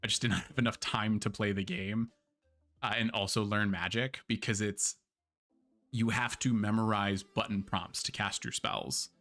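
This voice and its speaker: A man talking through a casual live-stream game review in a bright, sharp, somewhat low voice. He is chatty and candid, with lots of ums, uhs and likes and an occasional swear word. Faint music plays behind him. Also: steady tone, normal speed. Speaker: streamer and host.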